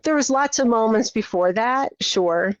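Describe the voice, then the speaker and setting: Speaking at a measured pace with lively intonation, this middle-aged woman's voice is a little high. She is a podcast guest in a conversational interview, recounting her story with energy and performing her own thoughts aloud. There's no echo, though the audio comes across slightly muffled and dull.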